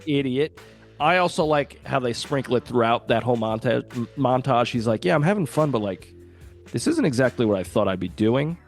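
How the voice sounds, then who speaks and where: A man's voice: mid-range voice, animated, brisk, faint music behind. Male podcast guest, mid voice, playful banter with quoted lines. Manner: playful, acts out characters' lines. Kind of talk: casual movie discussion.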